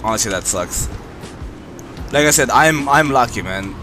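A man's voice: mid-range voice, lively intonation, moderate pace. A young man from Romania, a streamer chatting casually with his viewers, rambling with many fillers, music playing behind him.

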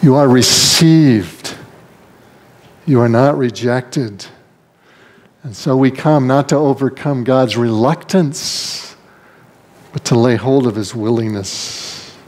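A male pastor preaching a sermon to his congregation, swinging between soft, quick asides and raised, stressed lines. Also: mid-range voice. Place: church sanctuary.

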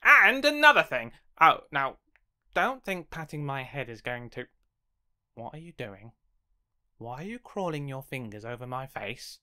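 A woman reads a children's picture book aloud with big theatrical swings, dropping to hushed pleading and then jumping to frightened yelps. Her voice sits low for a woman but sounds bright and sharp. She takes her time, and her pitch swoops widely. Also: big pitch swings, unhurried, clean tone. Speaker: storybook reader.

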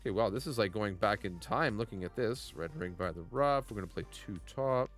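A man's voice: on the low side, brisk, faint music behind. Chatty man streaming a mobile golf game. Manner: playful, chatty, greets viewers by name. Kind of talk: casual game commentary.

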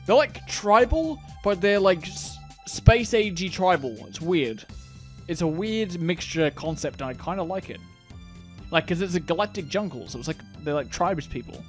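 A man's voice: sits high, animated, normal speed, faint music behind. A man giving casual gameplay commentary as a let's play gamer, rambling, swearing and filling his talk with "like". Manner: rambling and swearing, heavy use of "like".

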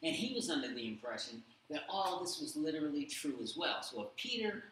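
A man's voice: a little high, very animated, a little fast, a bit bright. A man leading a casual Bible study discussion, telling stories animatedly with many fillers. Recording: very echoey room, faint background hum.

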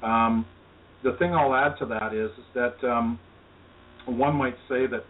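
An energy healer with a mid-range, steady voice tells his personal story as an interview guest, speaking unhurriedly in an earnest, reflective way about spirituality. The audio comes through a tinny phone line, sounding distant with faint hiss.

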